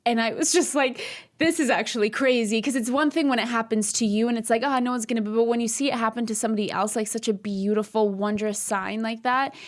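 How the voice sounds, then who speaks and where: A woman's voice: on the high side, fast talker, few pauses. A young woman co-hosting a casual faith podcast, telling stories animatedly and acting out what others said. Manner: animated storyteller, acts out quotes. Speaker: podcast co-host.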